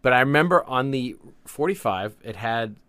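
A man's voice: medium pitch, lively intonation, moderate pace, a bit bright, clean tone. A man in his fifties, a podcast co-host, riffing on a movie with dry, wisecracking jokes in casual chat. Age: 50s.

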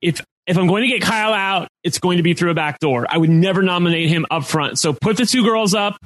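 High-voiced chatty man with upspeak. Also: quick pace, fairly bright tone, no echo, rough recording. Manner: upspeak, rising at sentence ends; chatty, leans on filler "like". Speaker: podcast host. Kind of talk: casual podcast discussion.

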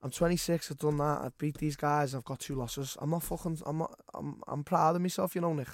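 A man's voice: a little high, brisk, no echo, clean studio sound. A man, chatting as a podcast guest, blunt and sweary, telling stories with lots of energy. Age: 20s. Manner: swears often, blunt and animated storytelling. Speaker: guest fighter. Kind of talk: casual podcast chat.

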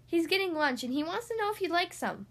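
A woman voicing a lively, chatty young girl in a storybook reading. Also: very high voice, quick pace, voice pushed up, heavily acted. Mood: brisk. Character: lively helpful older girl.

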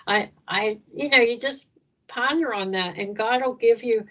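Gravelly-voiced woman talking earnestly. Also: a little high, normal speed, lo-fi sound. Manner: earnest, acts out prayers in a lifted voice. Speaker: guest speaker on Christian ministry. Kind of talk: conversational interview.

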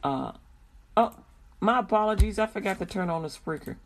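A woman hosting a Christian radio show, mixing slow, drawn-out prayers with chatty talk and frequent laughter. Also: mid-range voice, expressive.

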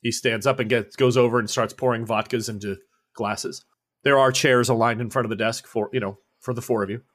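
A man as game master, narrating a tabletop role-playing game in a lively way. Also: medium pitch, brisk.

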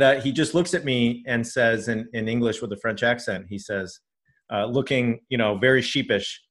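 A man's voice: medium pitch, fairly bright tone. A middle-aged man casually telling a personal story on a podcast, rambling with many fillers and restarts.

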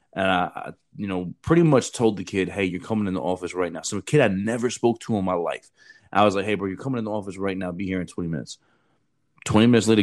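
A man in his thirties, a former Marine recruiter and podcast host, telling blunt, profane stories and saying bro a lot. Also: on the low side. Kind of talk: casual storytelling chat.

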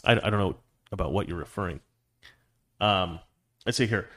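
A man's voice: sits low, moderate pace, fairly bright tone. A man hosts a livestream from a home studio, reading out viewer messages and answering them. He talks into a desk microphone in an opinionated, rambling way, restarting his sentences often. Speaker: live stream host. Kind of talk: livestream commentary reading super chats.

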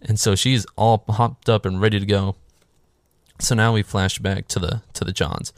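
Sarcastic male movie recapper, lowish voice, dry close sound, loose and profane. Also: level tone, moderate pace, no room sound. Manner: sarcastic, swears freely, filler "like". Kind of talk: casual comedic movie recap.

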